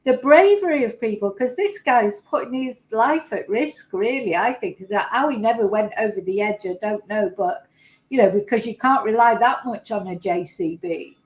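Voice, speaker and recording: A woman's voice: medium pitch, animated, moderate pace, echoey room, low-quality recording. A woman hosting a livestream, reacting to clips with chatty, emotional exclamations. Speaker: host.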